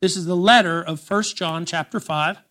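A pastor giving a sermon in a church service. He speaks with emphasis, slows down to read scripture aloud, and adds conversational asides to the congregation. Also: high-pitched, sharp tone.

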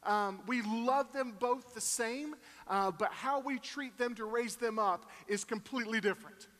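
A man's voice: very high voice, a little slow, fairly bright tone. A man in his thirties preaching in a large hall, telling folksy, self-deprecating family stories with many fillers. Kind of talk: storytelling sermon. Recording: echoey hall.

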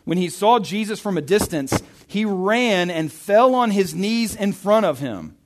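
A male pastor giving a conversational sermon, reading scripture and retelling it with lively asides and stammered restarts. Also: high voice, measured pace.

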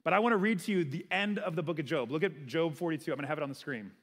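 A young man preaching a sermon in a casual, conversational way, often checking in with "right?" and shifting between loud and quiet delivery. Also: on the high side, very fast. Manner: conversational, animated preaching with frequent "right?" asides. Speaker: pastor. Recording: long reverb of a large hall.

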